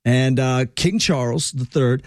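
A man's voice: medium pitch, a little slow, darkish tone, no room sound, clean studio sound. A man hosting a radio show, chatting loosely and joking as he introduces a clip. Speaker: radio host. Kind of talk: casual show chat.

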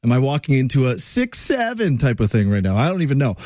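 A man's voice: medium pitch, sing-song, quick pace, darkish tone, dry recording. A man hosting a radio show, chatting loosely and joking as he introduces a clip. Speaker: radio host. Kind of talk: casual show chat.

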